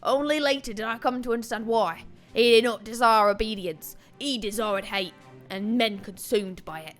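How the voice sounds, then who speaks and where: Woman reads a grim war veteran from a game; plain, halting read-aloud over soft music. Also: a little high, lightly acted. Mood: grave. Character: grim male soldier recounting a lost war. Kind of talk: reading game dialogue aloud.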